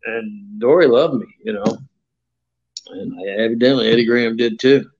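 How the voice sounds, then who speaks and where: Older man, mid-pitched, folksy rambling storyteller, slightly muffled interview audio. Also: moderate pace, a little mellow, husky. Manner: folksy, acts out quoted voices, many fillers. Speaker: retired pro wrestler, interview guest.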